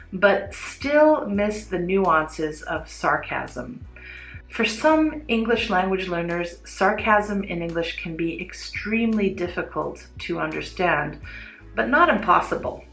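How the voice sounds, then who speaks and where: A woman teaching English in a clear, deliberate, scripted lesson style. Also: medium pitch, fairly bright tone. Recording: roomy echo, faint music behind.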